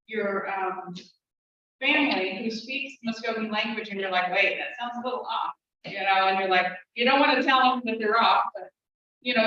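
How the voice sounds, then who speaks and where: A middle-aged woman teaching a casual language class, chatting, laughing often and slowly repeating words to drill pronunciation. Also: mid-range voice, fairly bright tone. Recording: roomy, distant, dull, faint hiss.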